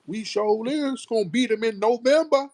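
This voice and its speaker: A man's voice: very high-pitched, expressive, unhurried, a little mellow, voice pushed up, heavily acted. A man putting on a mocking impression of a woman politician with an exaggerated folksy drawl. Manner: exaggerated, sneering caricature.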